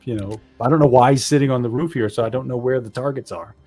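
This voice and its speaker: A man's voice: mid-range voice, fast. A man casually playing a tabletop game, describing his character's moves in loose chatter. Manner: loose, rambling player chatter. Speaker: player.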